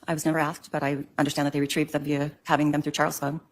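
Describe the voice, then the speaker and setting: A woman's voice: sits low, flat delivery, racing, slight background noise. An older woman giving court testimony, answering hesitantly with many ums. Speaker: witness in court.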